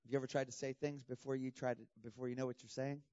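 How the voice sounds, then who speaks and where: A man preaching a lively sermon to students, with laughs and sudden shouting bursts. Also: medium pitch, racing, dry recording, lo-fi sound. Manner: animated, laughing, bursts into loud shouts when imitating. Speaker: pastor.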